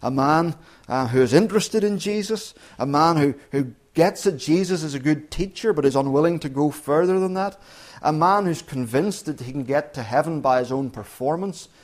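Speaking at normal speed in a voice on the high side, he delivers an earnest, emphatic sermon. Phrases get restarted often, and key words land with sudden loud stress.

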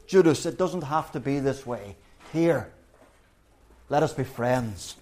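Earnest male preacher, higher voice. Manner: earnest, wide pitch swings when acting out voices. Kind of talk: sermon.

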